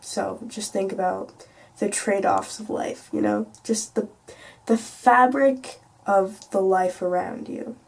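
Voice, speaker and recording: A woman's voice: medium pitch, slow, vocal fry. A teenage girl vlogging at home, telling a rambling late-night story full of fillers and swearing. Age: teens. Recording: distant mic, faint background hiss.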